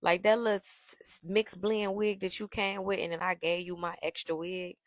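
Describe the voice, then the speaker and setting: A woman tells a storytime in a brash, profane, animated way. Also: lowish voice, normal speed, no echo. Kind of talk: casual storytime.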